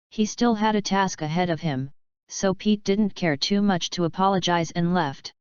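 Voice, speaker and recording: A woman narrates a story audiobook in an even, matter-of-fact way. Her voice is a little low and very clear. The recording is dry and close, with a dull, lo-fi tone. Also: normal speed, dry recording.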